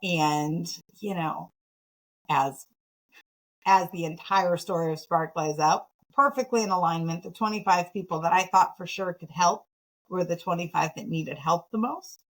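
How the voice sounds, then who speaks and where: A woman from Michigan, a podcast guest, telling her story in a casual, animated, self-deprecating way with frequent laughter. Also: lowish voice, unhurried, poor audio. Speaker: podcast guest, nonprofit founder.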